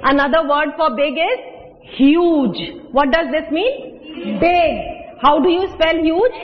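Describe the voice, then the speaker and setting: High-voiced Indian woman teaching a class. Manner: explains words slowly, mixes in Hindi, asks pupils questions. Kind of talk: classroom English lesson. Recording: dull echoey classroom recording.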